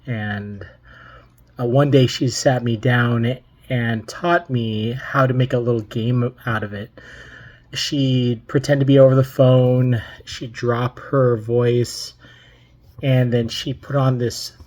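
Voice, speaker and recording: A man speaks in a measured, unhurried way as he pays tribute to a late colleague. His delivery is reflective and lightly humorous, with a voice of middling pitch. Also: fairly even intonation. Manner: slow, reflective storytelling with gentle humor. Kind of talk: personal memorial tribute.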